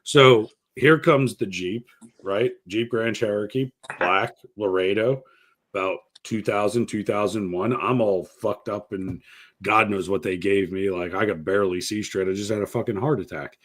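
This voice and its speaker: A man's voice: fairly low pitch, normal speed. A man hosting a casual podcast, telling stories bluntly and swearing freely while teasing his crew. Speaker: podcast host. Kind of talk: casual chat, profane storytelling.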